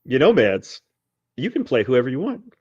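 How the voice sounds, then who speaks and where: A man narrating as game master of a tabletop game, wry and unhurried. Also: mid-range voice, huge pitch swings, slightly rough. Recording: dull lo-fi audio.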